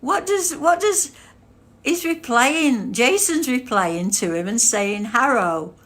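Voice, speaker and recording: A woman's voice: high voice, lively intonation, slow, a bit bright. An older woman chatting casually on a livestream, reading out chat comments and laughing constantly. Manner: giggly, breaks into frequent laughter.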